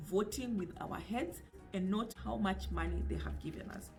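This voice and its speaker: A woman's voice: medium pitch, normal speed, faint music behind. A woman from Kenya with a Kenyan accent, talking casually to camera as a finance vlogger, chatty and direct, now and then dropping in Swahili phrases. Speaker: personal finance YouTuber.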